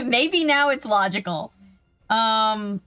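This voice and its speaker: A woman's voice: on the high side, lively intonation, takes it slowly, sharp tone, clear, resonant tone, faint music behind. A woman with a Southern US accent chatting casually while streaming a video game, talking back to the game and her viewers in an exasperated way. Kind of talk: casual let's-play commentary.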